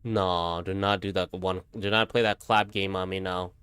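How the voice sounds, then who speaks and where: A man's voice: low-pitched, flat delivery, moderate pace, fairly bright tone, a little hiss or hum. A man giving casual commentary while playing a horror game, jumpy and swearing. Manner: jumpy, swearing, nervous laughs. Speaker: gamer streaming a horror game.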